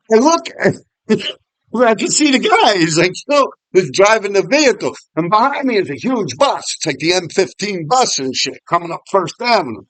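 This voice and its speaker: A man telling a story in a casual, animated, profane way, laughing often. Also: high voice, moderate pace, dry recording, rough recording. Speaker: vlogger.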